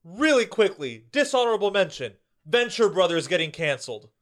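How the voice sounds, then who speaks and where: Casting: man with a high, bright voice, podcast co-host, enthusiastic rambling chat full of fillers and casual swearing. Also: very animated, brisk.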